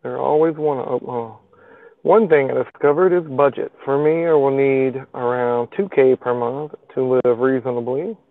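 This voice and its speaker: A man's voice: mid-range voice, fairly even intonation, moderate pace, dry recording. A man hosting a casual live stream show from his parked car, talking in a loose, rambling way with lots of fillers and folksy phrasing. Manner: rambling, with many fillers and plain folksy speech. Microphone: phone. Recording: tinny, phone-like, dry sound.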